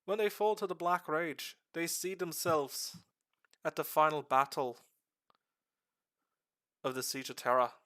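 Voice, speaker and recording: A man lecturing on a livestream in a put-on Irish accent that slips toward Scottish, excitable and swearing. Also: measured pace, pauses often. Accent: put-on Irish, slipping into Scottish. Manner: excitable, swearing, sudden pitch jumps. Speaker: streamer giving a lore lecture.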